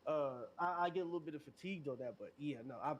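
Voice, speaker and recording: A man talking as a podcast guest in casual chat, animated and slangy, laughing often. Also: fairly high pitch, fast, slight background noise.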